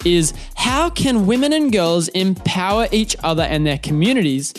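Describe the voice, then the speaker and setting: Young guy cohost, self-deprecating jokes, fairly high voice, light music under. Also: lively intonation, normal speed. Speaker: podcast co-host. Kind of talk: casual podcast chat.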